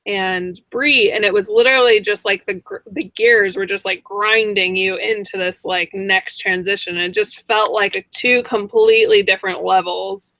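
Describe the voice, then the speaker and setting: A woman's voice: mid-range voice, fairly even intonation, moderate pace, few pauses, bright, forceful tone, dry recording. A woman co-hosting a casual online hangout over a video call, chatty and full of filler words. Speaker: co-host.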